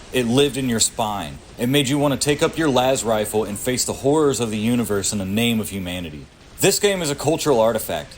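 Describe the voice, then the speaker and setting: A man's voice: medium pitch, a little hiss or hum. A man in his thirties reading a scripted video essay about strategy games, sardonic and crude, with punchy asides. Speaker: gaming video creator.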